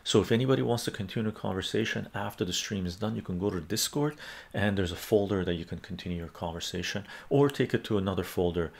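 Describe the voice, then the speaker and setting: A man hosts a relaxed livestream, reading viewers' chat messages aloud and answering them with plenty of fillers. His voice sits low and carries a husky, gravelly texture. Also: fast. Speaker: livestream host. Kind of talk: casual chat about movies.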